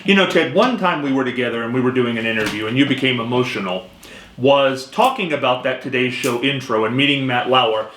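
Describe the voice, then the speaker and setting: A man's voice: medium pitch, fairly quick, fairly bright tone, roomy sound, slight background noise. A man hosting a radio interview, speaking conversationally to his guest. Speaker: radio show host.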